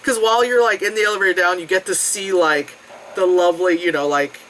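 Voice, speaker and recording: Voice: a little fast, a little hiss or hum, low-quality recording. A vlogger telling a travel story in a casual, rambling way, full of fillers and frequent swearing. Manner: animated, jumping between high and low tones.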